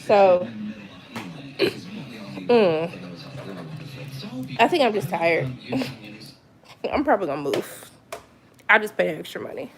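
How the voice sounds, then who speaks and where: A woman's voice: lowish voice, sing-song, slow pace, creaky, long pauses, a little hiss or hum. A woman chatting casually on a live stream from her apartment, venting in an exasperated way with lots of asides. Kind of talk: casual chat to viewers.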